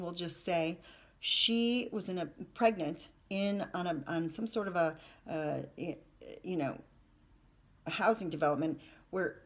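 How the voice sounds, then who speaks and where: A middle-aged woman fitness coach talking casually to camera, telling stories animatedly with asides. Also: on the low side. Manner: animated storytelling with laughs and asides. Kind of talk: casual video talk to camera.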